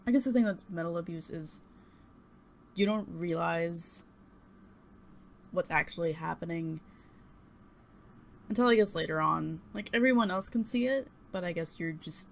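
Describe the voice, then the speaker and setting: A young woman vlogs into her webcam at home, recording through a desktop USB mic as she tells a personal story that rambles, hesitates, and turns blunt with occasional swearing. Her voice sits lowish with vocal fry, moving at normal speed with frequent pauses over slight background noise.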